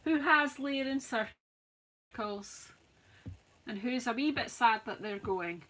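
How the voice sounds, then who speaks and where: A woman's voice: fairly high pitch, slow, fairly bright tone, rough recording. A woman hosting a live craft stream, chatting to viewers as she rattles off sale prices like an auctioneer. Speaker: craft demonstrator, host. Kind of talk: live-stream product walkthrough.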